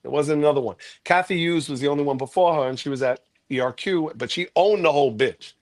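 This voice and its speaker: A man's voice: on the high side, fast, no echo. A man telling a long story in casual talk, profane and dramatic, acting out the people he quotes. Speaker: guest storyteller.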